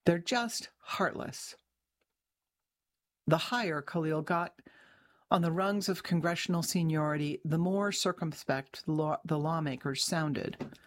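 A woman journalist reading her own article aloud in a measured, even way, with an occasional restart. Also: low voice. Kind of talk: scripted narration.

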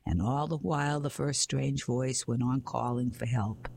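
A man reading a children's mystery story aloud in a steady storytelling way, sometimes going back to reread a phrase. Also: medium pitch, measured pace, creaky. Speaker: narrator.

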